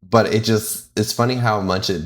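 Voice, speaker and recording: A man's voice: lowish voice, fairly even intonation, moderate pace. A man who works as a flight attendant, talking casually and candidly in a vlog, rambling with lots of fillers and self-corrections.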